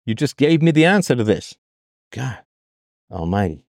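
A man's voice: mid-range voice, big pitch swings, normal speed, long pauses, darkish tone, dry recording, clean studio sound. Blunt sarcastic man on an advice show. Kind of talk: heated advice monologue.

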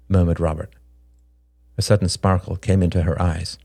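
A man reading audiobook narration in a measured, even storytelling manner. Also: deep voice, no echo, studio quality. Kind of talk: scripted narration.

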